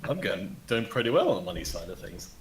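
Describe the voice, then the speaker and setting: Lively low-voiced man at the game table. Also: fast, a little hiss or hum, poor audio. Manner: lively, jokey, self-mocking. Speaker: player.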